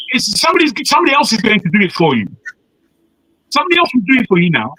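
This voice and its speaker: A man's voice: high-pitched, wildly swooping pitch, quick pace, bright, forceful tone, no echo, rough recording. A man from Nigeria, hectoring a panel with heated rhetorical questions. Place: living in the West.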